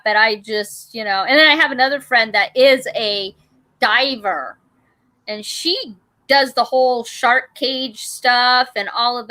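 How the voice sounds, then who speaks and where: Bright-voiced woman telling a rambling story. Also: a little high, no room sound. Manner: rambling, full of restarts and fillers, animated retelling. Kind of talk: casual storytelling chat.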